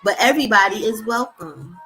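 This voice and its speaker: A woman's voice: mid-range voice, lively intonation, fairly quick, bright, forceful tone, soft background music, rough recording. A woman hosting a livestream, chatting loosely with viewers in slangy, profane talk. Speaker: livestream host. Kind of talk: casual livestream chat.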